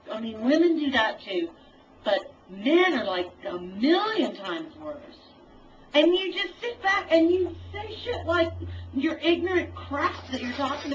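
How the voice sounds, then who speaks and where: Foul-mouthed woman ranting, far off-mic. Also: a little high. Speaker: voice chat participant. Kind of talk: profane angry rant. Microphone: computer mic in voice chat. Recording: distant, dull lo-fi voice chat audio with faint hiss.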